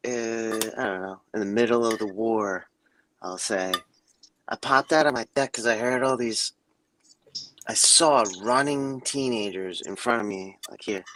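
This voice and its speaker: A man co-hosting a casual chat, telling a story and acting out quotes with big jumps in his voice. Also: dry recording. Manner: animated, acts out quotes with big pitch jumps. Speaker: co-host.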